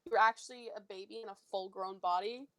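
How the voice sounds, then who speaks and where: A woman's voice: mid-range voice, steady tone, fairly quick, no room sound. A woman from Ontario with a Canadian accent, chatting animatedly with fellow tabletop players, swearing freely and laughing often. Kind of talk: casual chat between game players.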